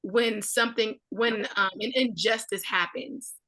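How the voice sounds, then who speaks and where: A woman with a bright, somewhat high voice leads a casual Bible study discussion. She talks thoughtfully and often fills with "like." Her tone is crisp and clear. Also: fairly even intonation, a little slow. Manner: thoughtful, many filler likes.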